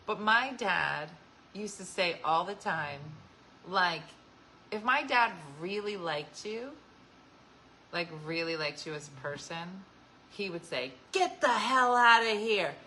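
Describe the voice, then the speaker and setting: A woman's voice: on the low side, expressive, takes it slowly, sharp tone, a little hiss or hum, low-quality recording. A woman hosting a casual chat show, talking with viewers, laughing often and acting out what people said. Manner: chatty, laughs often, acts out quoted voices. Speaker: host.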